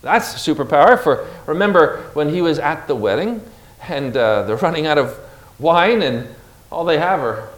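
A man's voice: fairly high pitch, fairly bright tone. A man preaching a sermon with emphatic energy, calling on his listeners to repeat key words back to him. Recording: echoey room.

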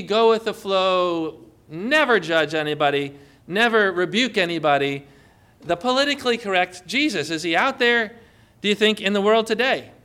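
Emphatic high-voiced man preaching. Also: pushed and bright. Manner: emphatic, asks the congregation questions. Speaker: pastor. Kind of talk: sermon.

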